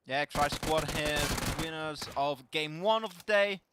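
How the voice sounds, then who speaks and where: A young man with a French accent, a French speaker commentating live on a mobile game tournament, playful and laughing easily, climbing into excited calls on big plays. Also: fairly high pitch, a little slow, heavy background noise. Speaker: esports caster.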